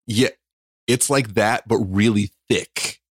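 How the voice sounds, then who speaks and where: A man's voice: lowish voice, slow, breathy edge, no echo, clean studio sound. A man co-hosting a podcast, chatting casually with a laughing, self-deprecating manner. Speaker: podcast co-host.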